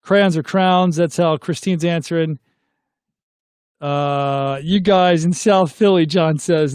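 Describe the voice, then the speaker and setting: A man's voice: fairly high pitch, slow, a little mellow, clear, resonant tone, no room sound, studio quality. A middle-aged man, hosting a casual livestream, reading viewer comments aloud and asking viewers to weigh in. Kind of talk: casual live chat.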